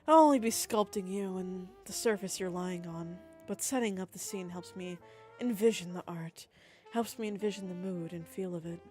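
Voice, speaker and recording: A woman doing a tall, refined aristocratic lady who purrs her lines low and slow, commanding in every word. A faint bed of music plays under the reading. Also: a little mellow, close to an everyday voice. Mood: seductive. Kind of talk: reading game dialogue aloud.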